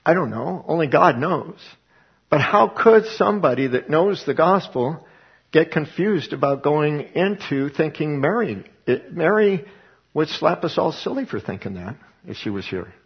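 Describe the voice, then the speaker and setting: A man's voice: a little high, big pitch swings, a little slow, husky, muffled recording. A man teaching the Bible as a sermon, who talks emphatically and asks and answers his own questions. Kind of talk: preaching Bible study.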